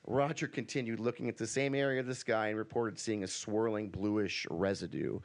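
A man's voice: fairly low pitch, fairly even intonation, moderate pace. A man hosting a casual podcast, reading a story aloud to his friends. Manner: reads a story aloud, breaks into laughter.

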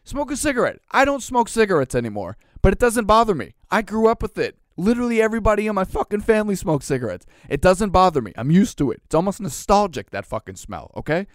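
A man's voice: sits high, big pitch swings, fast talker, hardly any pauses, no echo, clean studio sound. A male podcast host telling a profane, ranting story in casual chat.

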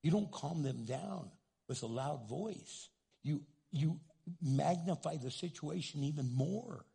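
An older man, a pastor preaching a sermon, who talks loud and animated and acts out little quotes. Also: on the high side, takes it slowly, creaky, breathy edge.

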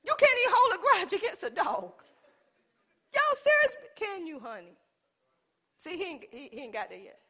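Woman preaching, high bright voice, calls out to the congregation and goes loud then soft. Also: wildly swooping pitch, normal speed, pauses often. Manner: shifts between loud exhortation and soft asides. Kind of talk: sermon.

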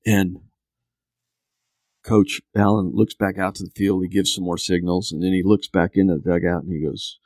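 A man's voice: low voice, normal speed, dry recording, studio quality. A man in his fifties, a podcast guest, casually telling a long story and acting out other people's lines. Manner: animated storyteller who acts out quotes.

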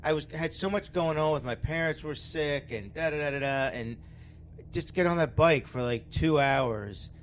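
A man's voice: on the high side, normal speed, a little hiss or hum. A middle-aged man chatting casually on a podcast, rambling and self-mocking, telling stories with frequent laughs. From Philadelphia area. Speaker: guest comedian. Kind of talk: casual podcast chat, storytelling.

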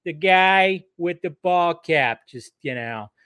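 A man's voice: fairly high pitch, expressive, slow pace, a bit bright, smooth. A man hosting a casual live video chat, answering viewer comments in a loose, rambling way with lots of fillers and restarts. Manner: loose and offhand, swears casually. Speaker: host of a live video show.

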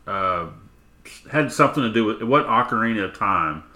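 A middle-aged man on a podcast, chatting casually and telling animated stories, acting out quotes and laughing often. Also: fairly low pitch, a little fast, a crowd in the background. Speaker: podcast co-host. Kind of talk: casual chat.

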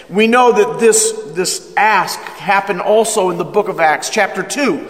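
A man preaching a sermon as pastor, energetic and emphatic, calling the congregation to respond. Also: sits high, measured pace, few pauses. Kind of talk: sermon, Bible study teaching. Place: church hall with live congregation. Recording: echoey hall with long reverb.

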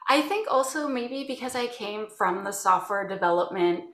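Animated woman from Canada, roomy sound. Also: medium pitch, normal speed, creaky, a little hiss or hum. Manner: animated storyteller, acts out quotes. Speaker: guest, security professional. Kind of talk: conversational interview.

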